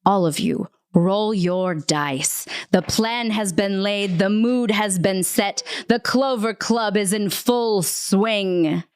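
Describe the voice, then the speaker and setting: A woman narrating as game master, telling the scene with lively storytelling and plenty of fillers and restarts. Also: mid-range voice, slow pace, hardly any pauses, smooth, no echo.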